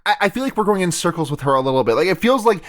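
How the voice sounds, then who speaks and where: A man's voice: high voice, lively intonation, very fast. A man co-hosting a podcast, chatting casually about anime, rambling and laughing often. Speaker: podcast co-host.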